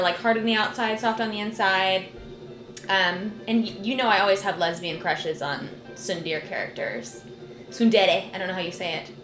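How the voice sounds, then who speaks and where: A woman streamer giving casual let's play commentary, chatty and gushing, with plenty of "like". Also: mid-range voice. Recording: roomy, game music behind.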